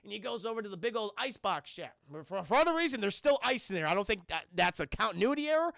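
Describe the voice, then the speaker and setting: A man excitedly recapping a cartoon scene by scene for a stream chat, swearing freely and acting out the characters in funny voices. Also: high voice, quick pace, creaky, no echo, clean studio sound.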